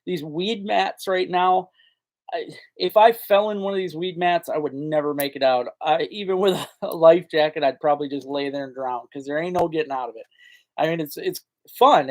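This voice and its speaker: A man's voice: a little high, a little mellow. A man hosting a live fishing chat, talking in a folksy, rambling way and answering viewers' comments. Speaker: fishing channel host. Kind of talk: casual live-stream chat.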